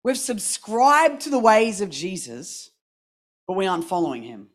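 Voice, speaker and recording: A young adult woman gives a sermon built around a personal anecdote. Her pitch swings widely as she acts out the voices in the story, and her pitch sits in the middle of the usual range for a woman. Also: sing-song, moderate pace. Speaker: preacher.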